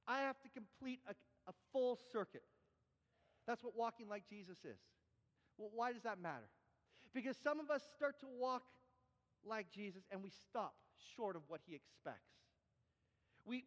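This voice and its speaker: A man's voice: very high-pitched, in a large hall. A Canadian man preaching a sermon, often repeating and restarting phrases and building to emphatic refrains. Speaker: pastor.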